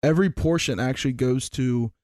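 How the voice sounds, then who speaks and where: Man, mid pitch, laid-back, casual beer chat, dry sound. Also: fairly quick, a little mellow, dry recording. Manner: laid-back, loose, with fillers. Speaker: podcast co-host.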